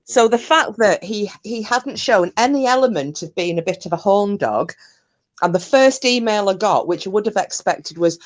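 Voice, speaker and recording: A woman's voice: on the low side, expressive, moderate pace, no room sound. A woman hosting a casual chat, telling stories with frequent laughter and the odd swear. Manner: chatty storyteller, laughs often, swears. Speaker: stream host.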